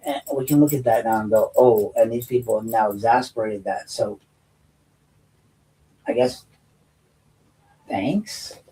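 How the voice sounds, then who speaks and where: A man's voice: fairly low pitch, steady tone, measured pace, long pauses, warm tone. Combative man talking from a distant mic. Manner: combative, rambling, with restarts. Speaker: show host and veteran. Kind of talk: monologue commentary.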